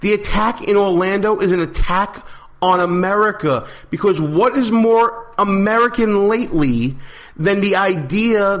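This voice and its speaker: A man co-hosting a political talk radio show, bantering with quick, teasing asides. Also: high voice. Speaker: co-host. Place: radio studio.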